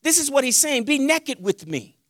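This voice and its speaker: A man preaching a sermon as pastor, animated and playful, acting out his talks with God and joking with the congregation on a handheld mic. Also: extremely high pitch, moderate pace, no room sound, clean studio sound.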